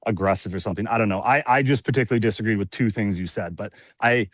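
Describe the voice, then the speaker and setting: A man's voice: fairly low pitch, racing, dry recording. A man calling in on a video call, debating earnestly with lots of filler words and hedges. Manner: earnest, hedging with many fillers. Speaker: caller.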